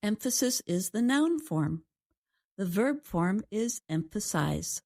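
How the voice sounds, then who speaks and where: A woman co-hosting an English lesson, giving calm, clear explanations of word meanings. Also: mid-range voice, takes it slowly. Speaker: co-host and English teacher. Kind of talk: scripted teaching dialogue.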